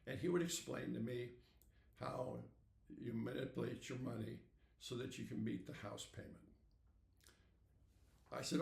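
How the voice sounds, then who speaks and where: A man in his eighties hosting a podcast, telling stories in a folksy, unhurried way and acting out the dialogue. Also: medium pitch, creaky, echoey room. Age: 80s. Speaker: podcast host. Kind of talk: storytelling monologue.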